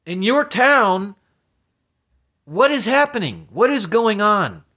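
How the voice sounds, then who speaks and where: A man's voice: sits high, big pitch swings, slow pace, sharp tone, dull audio. A man ranting as a vlogger, agitated and profane, often stammering and restarting his sentences. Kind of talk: ranting commentary.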